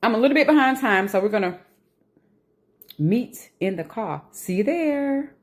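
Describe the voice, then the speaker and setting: A woman's voice: medium pitch, moderate pace. A woman vlogging in a casual, rambling chat, talking while she eats and admitting she is anxious. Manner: rambling, animated, talks while eating; rambling and animated.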